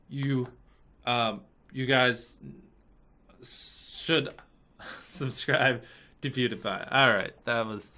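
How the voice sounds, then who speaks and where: A young man with a cold chatting casually as a video creator, repeating a chant and breaking off into sudden shouts and mumbled asides. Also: medium pitch, drawn-out words, pauses often. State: has a cold. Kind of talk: casual chat.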